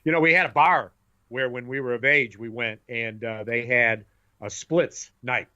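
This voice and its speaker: Animated man telling stories on a podcast. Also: mid-range voice, moderate pace, smooth. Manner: animated storyteller, acts out voices. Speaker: podcast co-host. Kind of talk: casual chat. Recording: dull lo-fi sound.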